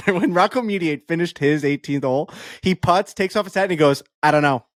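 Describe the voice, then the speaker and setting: A man's voice: high-pitched, brisk, no echo, clean studio sound. A young man co-hosting a golf podcast, telling stories with a laugh and acting out what others said. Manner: laughing, acts out quotes, swears. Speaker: podcast co-host. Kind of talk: casual chat.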